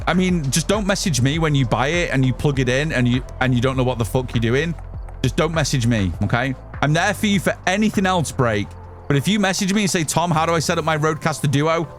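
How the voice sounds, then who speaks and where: A man streaming live, chatting casually with lots of restarts and swearing. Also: medium pitch. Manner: rambling, swears freely, many restarts. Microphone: studio mic through an audio mixer.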